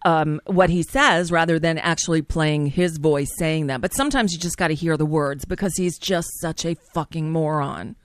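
A woman's voice: low-pitched, fairly even intonation, moderate pace, hardly any pauses, no room sound. Blunt woman host, dry close sound. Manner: blunt, emphatic, repeats words when starting sentences. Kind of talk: casual political chat.

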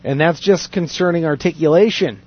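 A man's voice: fairly high pitch, breathy edge. Man reading a story aloud in a dull lo-fi recording. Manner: reads aloud with fillers and quick asides. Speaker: podcast host reading a news story. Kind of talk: casual chat.

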